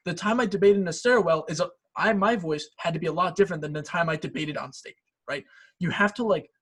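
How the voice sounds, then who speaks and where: Casting note: young male instructor, husky, higher-pitched, relaxed explainer on a video call. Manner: casual, explanatory, many fillers. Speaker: debate instructor. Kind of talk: online workshop lecture. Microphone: computer mic on a video call.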